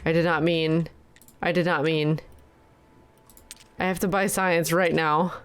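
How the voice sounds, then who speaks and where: A woman's voice: low-pitched, fairly even intonation, measured pace, smooth. A young woman streaming a game, chatting casually, exclaiming and thanking viewers as she plays. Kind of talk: casual live-stream chat while playing.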